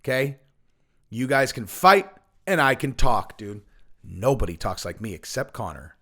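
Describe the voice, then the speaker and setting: A man's voice: mid-range voice, very animated, measured pace, bright, forceful tone. A middle-aged man giving casual ranting commentary on fighting sports, brash and profane, rambling with lots of fillers. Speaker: MMA commentator, channel host.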